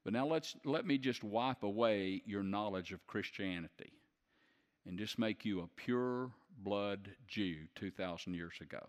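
A man's voice: fairly low pitch, a little slow, in a large hall. A man preaching a sermon who puts questions to the congregation and builds to emphatic peaks. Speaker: pastor.

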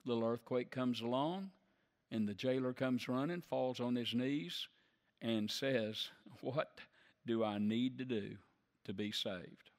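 Man, pastor, emphatic sermon delivery, long reverb of a big hall. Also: mid-range voice. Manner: emphatic, slows down for stress.

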